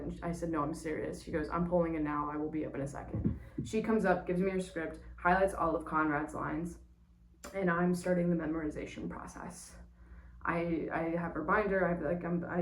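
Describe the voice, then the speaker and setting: A woman who works in stage management, telling a casual personal story in a lively way, with small laughs and quick restarts. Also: fairly low pitch. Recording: roomy echo, distant from mic.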